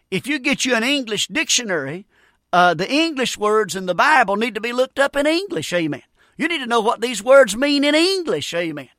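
A preacher delivers a fervent sermon in a high, bright, ringing voice. He repeats amens and stumbles through quick restarts. The sound is close and dry, with no room around it. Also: no room sound. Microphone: broadcast radio mic.

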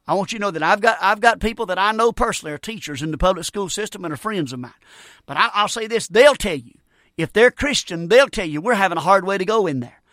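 A preacher delivers a fervent sermon in a high, bright, ringing voice. He repeats amens and stumbles through quick restarts. The sound is close and dry, with no room around it. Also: lively intonation, no echo. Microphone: broadcast radio mic.

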